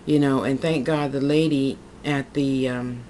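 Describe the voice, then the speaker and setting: A woman's voice: a bass voice, fairly even intonation, measured pace, warm tone, slight background noise. A woman talking to her camera in a casual, heartfelt vlog monologue, rambling and repeating herself as she goes. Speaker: vlogger.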